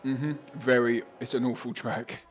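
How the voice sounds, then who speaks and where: A man's voice: medium pitch, level tone, moderate pace, soft background music. A man commentating a sim race on a live stream, chatty and laughing often as he reads out viewer comments.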